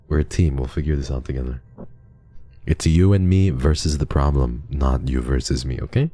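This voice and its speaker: A young man streaming and reading donations in a casual chat, soft and affectionate, sometimes teasing his viewers. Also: rumbling low, moderate pace, faint music behind.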